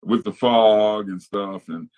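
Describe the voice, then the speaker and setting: A man's voice: lowish voice, little pitch movement, slow, phone-quality sound. An older man, a former touring musician, telling stories easygoing and hesitantly, with frequent restarts. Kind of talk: casual conversation.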